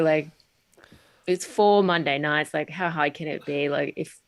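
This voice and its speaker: A woman's voice: low-pitched, fairly even intonation, moderate pace. A woman in her thirties, a stand-up comedian guest, chatting casually in a podcast interview with lots of fillers and self-deprecating asides. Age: 30s.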